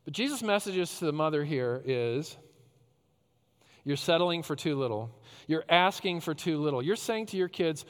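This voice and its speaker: A man's voice: a little high, expressive, normal speed, clean tone. Emphatic preacher man in echoing hall. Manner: emphatic preacher, swinging between loud rhetorical questions and hushed tender phrases. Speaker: pastor. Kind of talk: sermon. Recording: long hall reverb.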